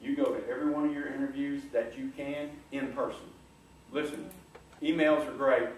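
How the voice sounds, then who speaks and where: A middle-aged man giving a folksy, animated motivational talk to a room, coaxing the audience along. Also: medium pitch, normal speed. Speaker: guest speaker. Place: large lecture room. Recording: echoey room, distant mic, faint hiss.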